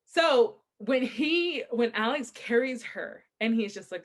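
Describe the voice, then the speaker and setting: In a relaxed chat with a friend, this young adult woman co-hosting a podcast takes her time but tells stories energetically. She laughs a lot and acts out what people said, her voice jumping up for punchlines and dropping low for confessions.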